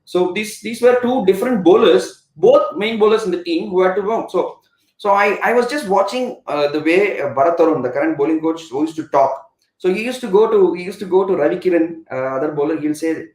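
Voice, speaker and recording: Middle-aged man, Indian English accent, rambling storyteller, slightly high pitch, roomy echo. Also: a little fast, a little mellow. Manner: rambling, many fillers and restarts, slips into Hindi. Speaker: guest, former professional cricketer. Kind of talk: conversational storytelling on a live web interview.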